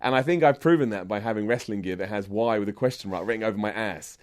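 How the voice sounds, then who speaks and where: A man's voice: fairly low pitch, fast talker. A man with a southern English accent, a guest in a casual interview, joking at his own expense and laughing often. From England. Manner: self-deprecating, jokey, laughs often. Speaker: guest, wrestling presenter. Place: indoors in person.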